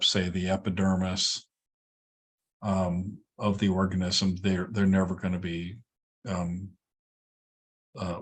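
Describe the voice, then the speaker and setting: A man lecturing a college class, relaxed and explanatory, with frequent ums and checks like "all right?". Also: low-pitched, slightly rough. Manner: relaxed, repeats words, many ums and okays. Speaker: college instructor.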